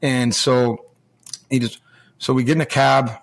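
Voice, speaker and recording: A man's voice: medium pitch, fairly even intonation, measured pace, gravelly. An American man, a former hockey player, telling long stories in a rambling way, with many restarts and acted-out quotes. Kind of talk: casual storytelling.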